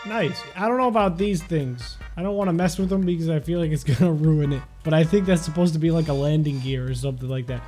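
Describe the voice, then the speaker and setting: A young man talks through his gameplay at a desk mic, his voice sitting a little high. He turns excitable and yelps when something goes wrong. Faint music plays underneath. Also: quick pace, hardly any pauses. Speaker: gaming YouTuber. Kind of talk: game commentary.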